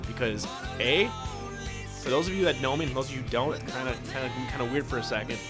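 A man hosting a podcast, telling a story in a profane, animated, rambling way. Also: mid-range voice, fast, over loud music. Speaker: podcast host. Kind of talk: casual storytelling.

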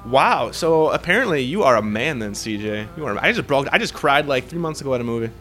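A man's voice: mid-range voice, lively intonation, fairly quick, a bit bright. A young man co-hosting a podcast in casual chat, rambling and swearing constantly. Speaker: podcast co-host.

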